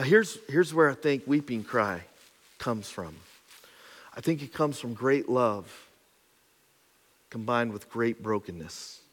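A man preaching a sermon, swinging from loud emphatic lines to hushed, intimate ones, with casual asides. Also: medium pitch, big-room sound. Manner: conversational asides with frequent "right?" and "like". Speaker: pastor.

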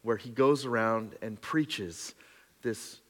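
A man preaching a sermon as pastor, animated and storytelling, moving between loud exclaiming and quiet reflection. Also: fairly low pitch, slow pace. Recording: reverberant hall.

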